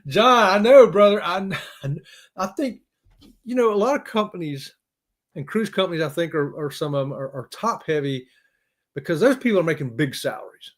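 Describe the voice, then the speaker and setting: A man's voice: sits high, animated, normal speed. Chatty man hosting a live stream. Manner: rambling, chuckling, talks to viewers by name. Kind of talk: casual live-stream chat.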